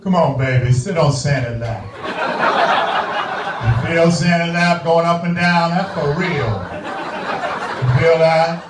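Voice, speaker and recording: A man voicing a leering, smooth-talking male Santa Claus with loud crooning ho-ho-hos, on stage in a comedy club. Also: fairly high pitch, slow pace, long pauses, reverberant, recorded from a distance, very noisy.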